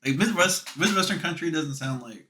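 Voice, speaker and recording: A man's voice: on the high side, lively intonation, brisk, bright, forceful tone, a little hiss or hum. A man co-hosting a casual film review chat, chiming in with joking interjections. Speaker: podcast co-host.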